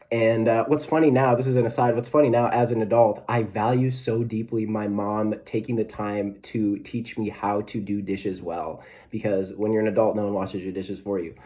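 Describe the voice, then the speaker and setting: A young man in his twenties delivers a sermon in an easygoing, conversational way, often restarting his sentences and checking in with "right?". His voice sits at an ordinary middle pitch with a soft, mellow, dark tone. He comes across as a pastor who jokes about himself while he teaches. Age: 20s. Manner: conversational, self-deprecating, frequent restarts and "right?" tags.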